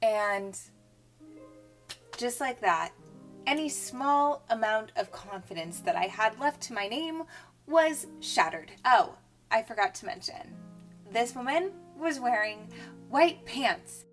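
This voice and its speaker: A woman's voice: on the high side, expressive, slow pace, fairly bright tone. A young adult woman vlogging, casually retelling a story with lots of "like" fillers. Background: faint music.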